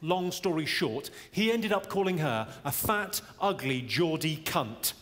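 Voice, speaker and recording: A man performing a stand-up routine, delivering deadpan one-liners and teasing the crowd. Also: fairly high pitch, takes it slowly. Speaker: stand-up comedian. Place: comedy venue stage. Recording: reverberant venue audio with loud crowd noise.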